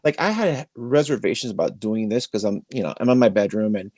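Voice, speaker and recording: A man's voice: lowish voice, expressive, brisk, darkish tone, no room sound. A man hosting an interview podcast from his bedroom, talking emphatically in a rambling storytelling way, recorded on a phone. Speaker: podcast host. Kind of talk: casual interview chat. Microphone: iPhone.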